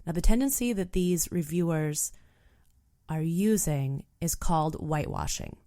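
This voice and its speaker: A woman hosting a travel podcast, talking in a frank, animated way with plenty of "like" in her conversational speech. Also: low voice, a little slow. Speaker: podcast host.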